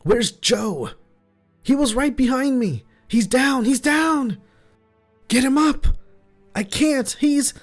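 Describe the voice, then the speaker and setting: Frantic trapped miners, as a male narrator puts them on, shrieking warnings in a high, strained voice far above his usual low register. Their cries are loud and raw with terror, thrown out over faint background music in a horror story reading. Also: big pitch swings, takes it slowly, hardly any pauses, breathy edge, full character voice. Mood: panicked shouting. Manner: frantic yelling.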